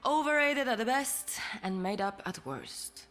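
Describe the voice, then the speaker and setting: Sharp, sarcastic skeptic woman. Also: on the high side, lively intonation, a little slow, soft background music. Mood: scornful. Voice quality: cutting and dry.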